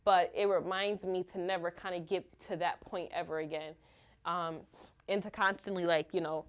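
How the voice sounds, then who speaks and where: Candid low-voiced mother telling her story. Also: fairly even intonation, clean tone. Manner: halting, open, full of "like" and "you know". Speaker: mother sharing her experience.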